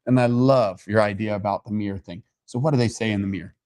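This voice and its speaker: A man co-hosting a casual chat as a matchmaker, talking in a playful, teasing and animated way. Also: lowish voice, fast. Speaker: matchmaker and co-host.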